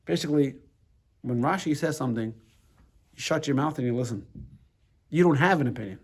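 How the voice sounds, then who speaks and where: A brisk, slightly rough voice of medium pitch belongs to a middle-aged American rabbi teaching an easygoing class. He talks loosely, circling back to restart sentences and repeat words, and checks in with "right?"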